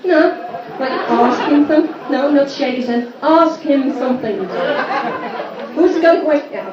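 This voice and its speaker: A woman's voice: high-pitched, a little slow, background noise. A woman hosting a fan Q&A, teasing and coaxing the crowd to ask questions. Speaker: fan club moderator. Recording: distant muffled hall tape. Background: crowd chatter.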